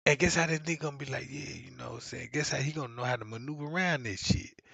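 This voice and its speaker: A man's voice: racing, gravelly, fairly bright tone, husky, no room sound. A man hosting a livestream, telling crude comic stories in a rambling way, swearing constantly and laughing as he goes. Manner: profane, laughs often, keeps asking "you know what I'm saying"; acts out quoted voices in exaggerated pitch. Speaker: comedic livestream host.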